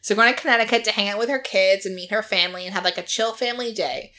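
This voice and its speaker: A woman with a bright, forward voice tells a story in a casual chat. She keeps talking, fills her lines with "like" and acts out what people said. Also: medium pitch, quick pace. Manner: chatty storytelling, acting out quotes, frequent "like". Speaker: podcast co-host recapping a reality show.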